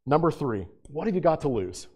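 A man's voice: a little high, big pitch swings, a little fast, a little mellow, husky. A man preaching a sermon as pastor, asking his congregation rhetorical questions and rising to fervent emphasis.

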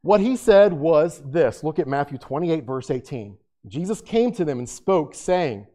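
A male pastor teaching a Bible study to a live room in a conversational sermon style. His voice sits fairly high yet sounds warm and mellow. He jokes with the room, then turns hushed and earnest in prayer. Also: unhurried. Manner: joking, animated teaching with asides to the room.

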